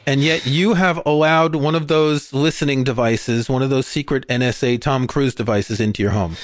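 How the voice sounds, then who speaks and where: A man from England talks casually as a podcast co-host, trading quick jokes and asides. His voice sits at a middle pitch. The sound is dry and close, with no room around it. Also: steady tone, no echo. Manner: chatty, joking, quick asides.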